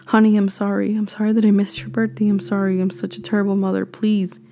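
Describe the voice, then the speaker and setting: A woman voicing a mother who softly coaxes and begs to be let in through a door. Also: mid-range voice, completely flat delivery, fast talker, background noise, lightly acted. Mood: pleading. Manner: soft, coaxing and begging. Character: pleading, tearful mother at the door.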